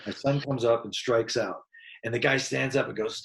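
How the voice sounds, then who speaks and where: This man talks at a middle pitch, as a guest musician telling a story in a casual interview. He is earnest and reflective. He grows animated when he acts out what people said. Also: normal speed, gravelly, rough recording.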